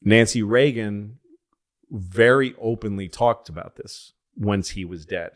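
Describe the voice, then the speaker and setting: A man tells long comedic stories in a loose, rambling way. He corrects himself as he goes and swears casually. His voice sits on the low side. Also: measured pace. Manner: rambling, self-correcting, profane.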